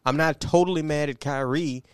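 A man's voice: on the high side, moderate pace, clear, resonant tone, no echo, clean studio sound. A man co-hosting a casual sports podcast, giving opinionated takes and laughing easily. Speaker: podcast co-host.

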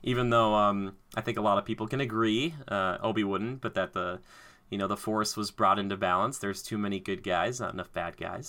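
Excited man in a casual chat. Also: lowish voice, brisk. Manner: animated and enthusiastic, acts out characters with laughs.

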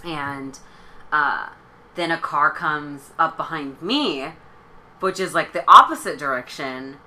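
A woman's voice: sits low, slow, sharp tone. A young woman co-hosting a podcast, telling a story in a chatty way full of "like". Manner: chatty, filler-heavy storytelling with lots of "like". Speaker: podcast co-host. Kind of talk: casual storytelling chat.

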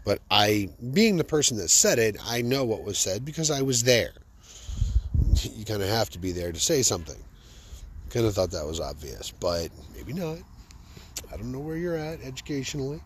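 A man's voice: medium pitch, sing-song, moderate pace, a bit bright, slight background noise. A man in a casual comedic monologue, hosting his own show, sarcastic and laughing at his own stories. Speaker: podcast host.

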